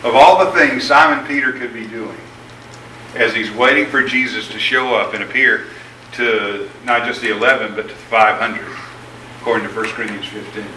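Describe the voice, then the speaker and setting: A man preaching a sermon in a conversational, animated storytelling manner, voicing the people in his story. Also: mid-range voice, moderate pace, echoey room, distant mic, background noise.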